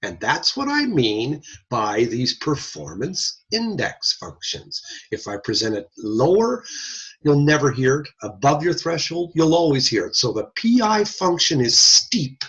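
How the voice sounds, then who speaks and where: A man with a slightly husky voice teaches in a conversational way, his pitch rising and falling a lot as he stresses points. He loops back over ideas and keeps checking in with "okay?". The audio is dull and lo-fi, like a computer mic. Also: sing-song, unhurried, a bit bright. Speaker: audiology lecturer. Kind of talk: informal recorded lecture.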